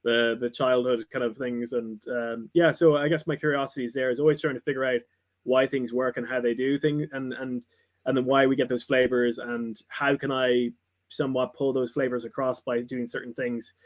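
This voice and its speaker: A man speaking as a guest on a casual livestream, rambling and often restarting his sentences. His voice sits at an ordinary middle pitch. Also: steady tone. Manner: rambling, halting, many restarts. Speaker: whiskey maker guest.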